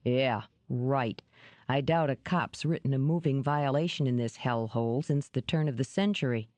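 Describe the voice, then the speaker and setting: A woman reading an audiobook, voicing a gruff, wary man who talks in curt, dry lines. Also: medium pitch, moderate pace, a little mellow, dry recording, lightly acted.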